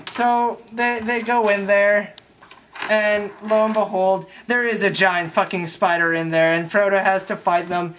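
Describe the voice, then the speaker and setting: A young adult giving a crude, sarcastic recap of a film plot, swearing often and rambling with quick restarts. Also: medium pitch, fairly even intonation, fairly bright tone. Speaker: comedic movie recapper. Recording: faint background noise and clicks.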